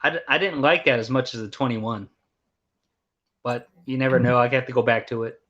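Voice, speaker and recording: Relaxed male guest, middle pitch, muffled call audio. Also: a little fast. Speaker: guest on a live stream. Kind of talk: casual chat. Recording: slightly dull lo-fi audio.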